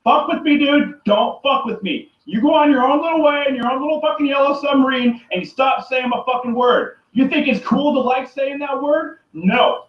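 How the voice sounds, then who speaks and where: In an extremely high-pitched voice, a man rants angrily to the camera by himself, profane and rambling, circling back to the same points and sometimes shouting. He speaks at a moderate pace with hardly any pauses. The dull, lo-fi audio is echoey and distant, captured in a room by a running turtle tank with the sound of water behind.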